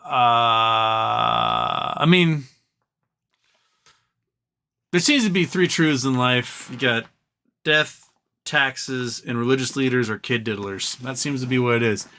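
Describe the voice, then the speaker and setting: Male stream host, bright tone, loose rambling delivery with lots of ums. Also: mid-range voice, slow pace, vocal fry, long pauses, smooth. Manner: rambling, reads viewer comments aloud, frequent ums. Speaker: livestream host. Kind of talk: casual live-stream chat.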